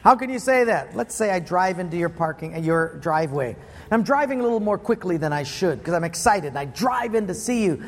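Preacher man, highish gravelly voice, storytelling sermon in a big echoey hall. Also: lively intonation, fairly quick, slight background noise. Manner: storytelling, punchy and playful. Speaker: pastor.

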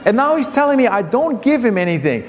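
A man's voice: extremely high pitch, very animated, fast, slight background noise, voice pushed up. A man voicing his exasperated middle-aged wife in a raised, plaintive voice while telling a family story in a sermon. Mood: complaining. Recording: long hall reverb.

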